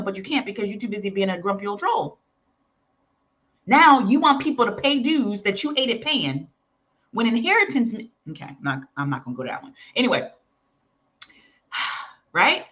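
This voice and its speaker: A woman's voice: fairly high pitch, expressive, brisk, fairly bright tone, muffled recording. A woman teaching in a sermon style, telling a story and acting out the voices of its characters. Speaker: preacher.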